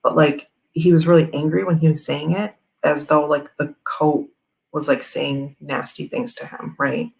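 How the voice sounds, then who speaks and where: A woman's voice: deep voice, level tone, normal speed, gravelly, darkish tone, low-quality recording. A young woman hosting a tarot livestream, telling a long personal story in a rambling, chatty way full of fillers. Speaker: tarot channel host.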